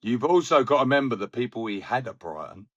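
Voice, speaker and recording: A man's voice: medium pitch, animated, fast talker, fairly bright tone, highs cut off. A man on a casual football podcast, rambling through stories and acting out the people he quotes. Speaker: podcast co-host.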